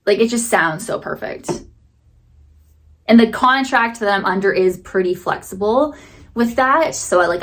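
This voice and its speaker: A woman's voice: medium pitch, fairly bright tone. A young woman vlogger telling a story to camera in a bubbly, chatty way, full of fillers. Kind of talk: casual chat to camera.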